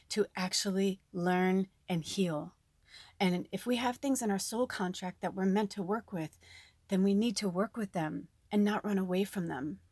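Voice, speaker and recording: A chatty woman talks her viewers through a spiritual reading in a loose, animated way, swearing casually as she goes. Her voice sits in a middling register and sounds dry and close, with no room around it. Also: mid-range voice, no echo. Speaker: spiritual reader.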